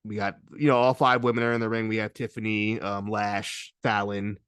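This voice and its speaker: A man hosting a casual wrestling podcast, talking in an animated way, laughing often and restarting his sentences. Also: on the low side, normal speed, clear, resonant tone, no room sound, clean studio sound. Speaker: podcast host.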